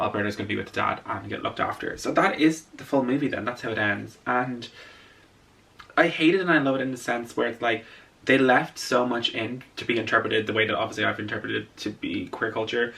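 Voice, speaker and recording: A man's voice: on the low side, gravelly, fairly bright tone, recorded from a distance. A man vlogger chatting casually about a film while doing his makeup, gushing and playful. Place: indoors at home, doing makeup on camera.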